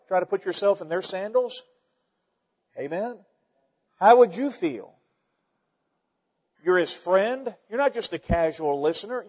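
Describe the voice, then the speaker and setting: A pastor with a high, darkish, husky voice reads verses during a sermon and then drives his points home with fervent, repeated emphasis. The recording is dull and lo-fi, with long reverb ringing through a large hall.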